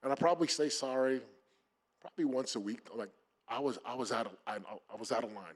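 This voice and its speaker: Husky-voiced man, emphatic panel speaker. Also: mid-range voice, fast. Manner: emphatic, many fillers and restarts. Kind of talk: motivational panel talk.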